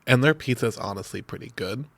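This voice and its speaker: A man co-hosting a podcast in casual chat, easygoing and quick to laugh, often trailing off mid-sentence. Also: mid-range voice, animated, creaky, a bit bright, no room sound. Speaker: podcast co-host.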